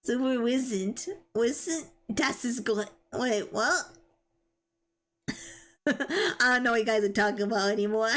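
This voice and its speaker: A woman's voice: a little high, a bit bright. Giggly chatty young woman streamer. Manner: giggly, chatty, reads chat aloud. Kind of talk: casual live-stream chat.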